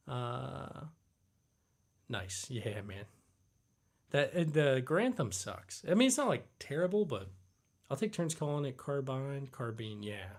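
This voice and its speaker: Laid-back young man chatting on a livestream. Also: medium pitch. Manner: relaxed, rambling, reads chat aloud with fillers. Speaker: livestream host. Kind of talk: casual live Q&A chat.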